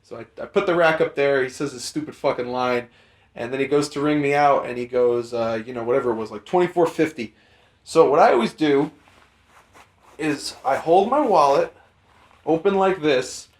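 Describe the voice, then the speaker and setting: Young male podcast host, rambling and profane storyteller, slightly high, echoey room. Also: moderate pace. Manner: rambling, profane, animated in quoted voices. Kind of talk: casual storytelling chat. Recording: roomy echo.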